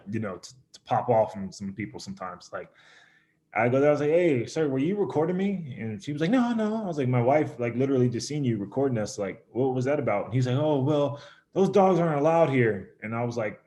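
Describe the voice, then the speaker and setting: A young man in a relaxed podcast chat, telling a story at an easy pace. His voice sits in a middle pitch. He rambles, leans on fillers and slips into quick impressions of the people in the story. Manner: relaxed, rambling, full of fillers, acts out quotes. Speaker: professional baseball pitcher, guest. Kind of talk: casual storytelling.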